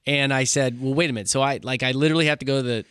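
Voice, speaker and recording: Man, podcast co-host, lively storyteller who acts out voices; bright tone, dry studio sound. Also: medium pitch, rapid-fire, clean tone, no echo. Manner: animated storyteller, acts out quoted voices, laughs often. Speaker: podcast co-host, former pastor. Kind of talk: casual storytelling chat.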